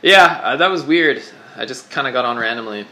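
A man's voice: mid-range voice, animated, brisk, pushed and bright, reverberant, slight background noise. A man co-hosting a podcast in casual chat, laid-back and rambling, peppering his talk with "like" and swearing. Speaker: podcast co-host.

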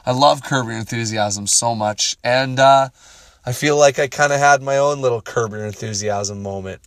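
A man's voice: medium pitch, normal speed, a bit bright, no echo. A young adult man from Canada rambling profanely and self-deprecatingly in a casual solo monologue.

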